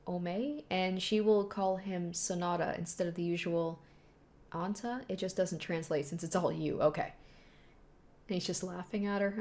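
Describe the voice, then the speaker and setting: A woman's voice: lowish voice, steady tone, normal speed, a little mellow. Giggly woman reacting to a manga. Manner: chatty and giggly, laughs often. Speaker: manga read-and-react host. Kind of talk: casual reading and reacting.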